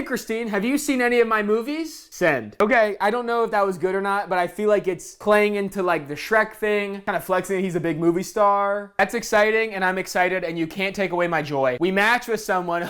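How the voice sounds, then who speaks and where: Excitable joking young man vlogging. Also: high voice. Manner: excitable and joking, talking to himself and the viewers. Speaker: comedy creator. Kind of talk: casual comedy vlog narration.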